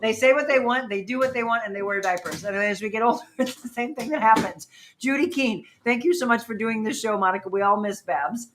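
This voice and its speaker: A middle-aged woman hosting a casual livestream chat, talking quickly and laughing with people around her. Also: on the high side, noisy background. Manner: chatty, laughing, quick asides to people in the room. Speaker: host.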